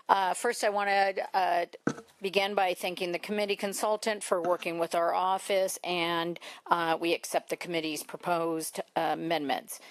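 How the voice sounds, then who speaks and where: Woman lawmaker reading her bill pitch, lowish voice, dry close sound, measured and formal. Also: dry recording. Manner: measured, reading prepared remarks with fillers. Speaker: legislator presenting a bill.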